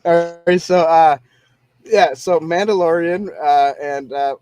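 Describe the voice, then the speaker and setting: A man's voice: fairly high pitch, slow, warm tone, smooth. A man hosting a casual live-streamed talk show, chatting loosely and laughing often.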